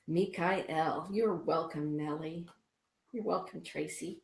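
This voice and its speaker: Her voice is fairly low and a little slow, with reverb around it. As host of a spiritual radio show, she talks with listeners and reads oracle cards out loud to them.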